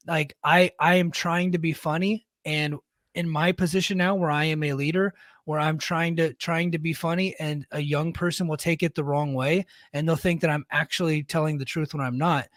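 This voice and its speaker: His voice is a little high, captured at studio quality without any room sound. The middle-aged podcast co-host, a military leader, talks in a blunt, storytelling way and keeps adding tag questions like "right?"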